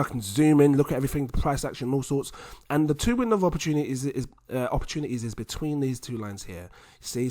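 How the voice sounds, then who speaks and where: Bloke chatting thru charts to his viewers, bit high voice, dry sound. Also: no room sound. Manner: chatty and animated, addresses viewers as guys. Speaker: crypto video host. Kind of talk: casual chart commentary to viewers.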